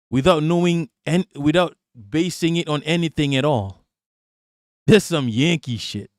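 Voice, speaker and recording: A man with a voice on the high side rants about politics on his livestream, casual, profane, and mocking, repeating himself and breaking into laughter often. It's studio-quality audio with no room sound.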